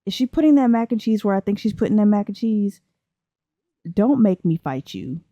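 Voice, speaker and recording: A young woman hosting a let's play gives chatty, playful commentary on a life-simulation game, laughing often. Her medium-pitched voice is animated and mellow at a normal speed, in a dry, muffled recording.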